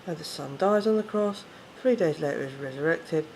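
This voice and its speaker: A man's voice: a little high, normal speed, gravelly, a little mellow, a little hiss or hum. Swearing English man ranting to camera. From England. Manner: swearing, rambling, self-correcting. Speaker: vlogger. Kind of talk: casual rant to camera.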